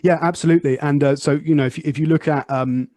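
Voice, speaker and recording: A man's voice: a little high, steady tone, fast talker, warm tone, dry recording. A young British man speaking standard southern British English, chatting casually as a podcast host, with many fillers and restarts. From United Kingdom. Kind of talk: casual conversation.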